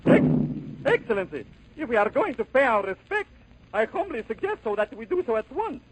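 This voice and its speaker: Stammering, nervous servant. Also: male voice, very high-pitched, big pitch swings, fairly quick. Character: timid, flustered male servant of the governor. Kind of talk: 1930s radio acting. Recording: loud static on old radio recording.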